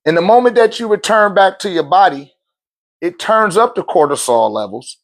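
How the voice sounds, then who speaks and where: A man in his thirties teaching spiritual ideas in a casual, animated lecture, laughing, swearing and telling stories. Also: high voice, normal speed. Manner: animated, swings into loud shouted quotes; laughs often, swears, street slang.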